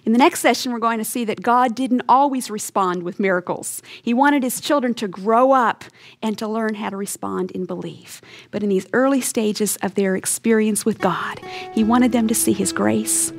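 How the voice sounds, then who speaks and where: A woman's voice: a little high, normal speed, creaky, faint music behind. A woman giving a radio Bible teaching, earnest and emphatic, leaning into key words.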